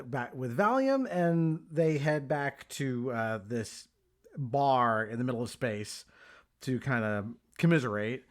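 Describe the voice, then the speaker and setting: A man in his thirties hosts a casual podcast chat, recapping a film scene by scene. His talk is easygoing and full of ums and uhs. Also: mid-range voice. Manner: chatty, lots of ums and uhs. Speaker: podcast host.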